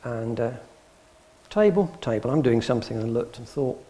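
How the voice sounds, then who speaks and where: A man telling anecdotes to an audience in a public hall. His mellow, warm voice rises and falls widely as he acts out the people in his stories. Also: medium pitch, expressive, normal speed. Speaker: speaker giving a talk.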